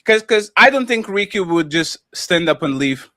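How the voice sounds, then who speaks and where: Brief: high, bright male panel host, emphatic and animated, dry close mic. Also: normal speed, no room sound. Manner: animated, emphatic, breaks into mocking impressions. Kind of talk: casual opinion talk. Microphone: streaming microphone.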